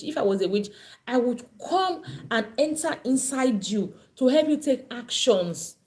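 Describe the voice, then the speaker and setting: A woman's voice: a little high, a little mellow. A woman teaching a parenting class online, earnest and pleading, often repeating herself.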